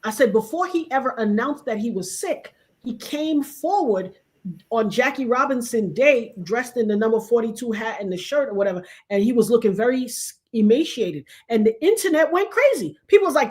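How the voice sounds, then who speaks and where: A woman in her fifties from New York, hosting a show and telling a long story in casual chat, animated and dramatic with loud outbursts. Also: fairly high pitch, brisk. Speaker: show host.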